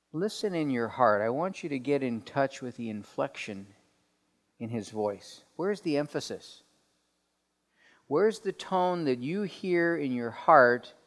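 A man leading a group Bible study in a conversational sermon style, asking questions and swinging from soft to emphatic. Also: medium pitch. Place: room with people around tables. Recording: long hall reverb.

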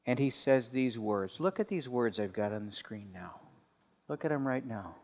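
A man leading a group Bible study in a conversational sermon style, asking questions and swinging from soft to emphatic. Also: mid-range voice, lively intonation, moderate pace. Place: room with people around tables. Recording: long hall reverb.

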